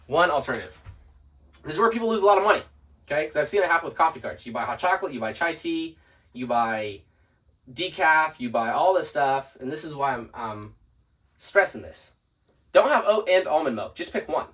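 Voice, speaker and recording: A man hosting a business podcast, giving casual tips and acting out quick customer exchanges while writing points on a board. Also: fairly high pitch, big pitch swings, fairly bright tone, far from the mic. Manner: writes on a board while talking. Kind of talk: casual instructional talk.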